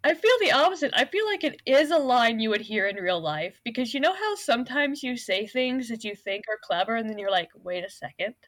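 A woman's voice: a little high, sing-song, a little fast, hardly any pauses, fairly bright tone, no echo. A woman co-hosting a casual TV recap chat, wry and sarcastic in her jokes. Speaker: podcast co-host.

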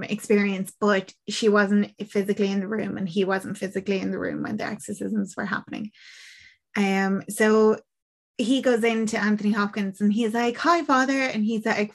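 A young woman in casual podcast chat, retelling a film plot and acting out the characters' lines. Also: mid-range voice. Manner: chatty, acts out quoted lines, swears casually.

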